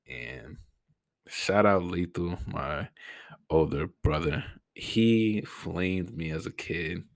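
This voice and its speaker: Deep gravelly young man, podcast host. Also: no echo. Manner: laid-back, slangy, rambling with fillers; stutters. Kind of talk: casual solo podcast talk.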